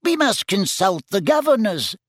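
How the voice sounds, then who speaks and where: A man voicing a tiny, squeaky old wizard teacher, prim and procedural. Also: sing-song, moderate pace, a bit bright, no room sound, clean studio sound, heavily acted.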